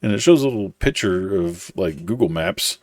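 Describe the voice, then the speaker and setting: A man's voice: sits low, animated, normal speed, no echo. A man co-hosting a casual talk stream, laid-back, swearing often and laughing a lot. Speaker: co-host. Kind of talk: casual chat.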